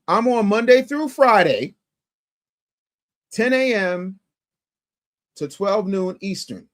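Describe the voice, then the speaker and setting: A man hosting a commentary show who reacts to clips in an animated, mocking way, with loud bursts and stammered restarts. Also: high voice, slow pace. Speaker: show host.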